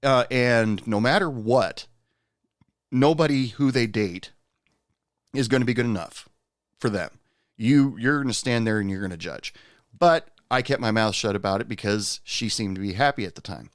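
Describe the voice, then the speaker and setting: A man hosting a podcast, telling a personal story in a casual, rambling way with lots of pauses. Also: medium pitch, dry recording, studio quality. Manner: rambling, many "uh" pauses, animated when quoting. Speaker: podcast host and bartender.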